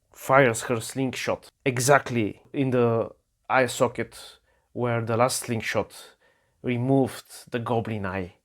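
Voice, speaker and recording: A man narrates his solo tabletop game slowly and carefully, pausing and restarting as he describes rolls and attacks. His voice sits at a middle pitch. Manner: unhurried, halting narration.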